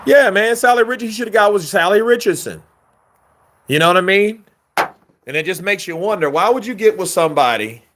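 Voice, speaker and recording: Slight background noise accompanies this boxing commentary host, whose voice sits high, a bit bright, with lively intonation at normal speed. He rambles loosely and profanely in a street style, fields viewer questions, and performs quotes by changing his voice.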